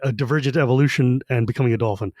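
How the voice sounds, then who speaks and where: A man co-hosting a podcast, recapping a book in casual chat and acting out the characters in quick quoted bits. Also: medium pitch, a little mellow, dry recording. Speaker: podcast co-host.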